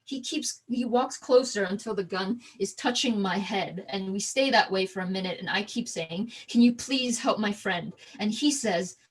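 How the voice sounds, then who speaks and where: A woman performing a theatrical storytelling monologue, halting with frequent restarts and repeated words. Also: medium pitch, breathy edge, poor audio. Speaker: stage performer.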